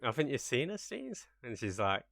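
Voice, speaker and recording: A man's voice: medium pitch, very animated, normal speed, creaky, a bit bright, a little hiss or hum. A man with a Mancunian accent streaming a game live, rambling and joking with his chat in a self-mocking way. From Manchester, England. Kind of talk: casual live-stream chat while playing. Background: game music.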